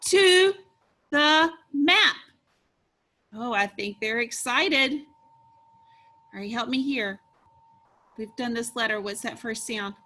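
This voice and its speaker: A woman teacher leading an early-reading phonics lesson for young children, slow and encouraging with sing-song prompts. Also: on the high side, sharp tone.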